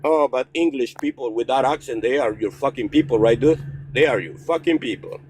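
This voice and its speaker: A man's voice: medium pitch, fairly quick, darkish tone, slight background noise. Combative man calling in. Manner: combative, swearing, talks over others. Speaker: caller. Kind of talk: heated call-in argument.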